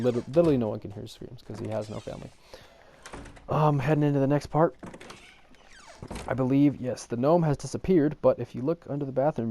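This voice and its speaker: Fast-talking gravelly man guiding gameplay. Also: mid-range voice, warm tone, a little hiss or hum. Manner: rambling, filler-heavy explanation with frequent ums; raises his voice to talk over in-game music. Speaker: game walkthrough guide. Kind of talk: casual gameplay tutorial commentary.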